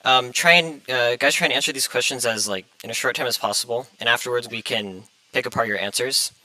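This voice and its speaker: A man's voice: mid-range voice, fairly quick, bright, forceful tone, no echo, low-quality recording. A young man hosting a casual student podcast, hesitant and full of fillers, a little flustered. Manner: hesitant, many fillers, flustered by tech trouble. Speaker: podcast host.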